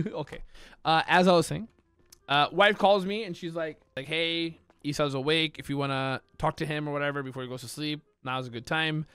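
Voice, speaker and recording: A man streaming a role-play game, telling a story to his chat in a casual, animated way, swearing, laughing and shouting out the lines he acts out. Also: on the high side, normal speed, clear, resonant tone, no echo. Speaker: streamer playing a police officer.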